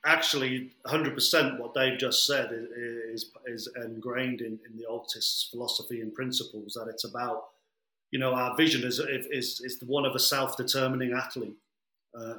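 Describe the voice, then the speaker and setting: A man's voice: mid-range voice, flat delivery, moderate pace, bright, forceful tone. A man from Britain who works as an athletics coach, giving a considered interview answer with many fillers. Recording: echoey room.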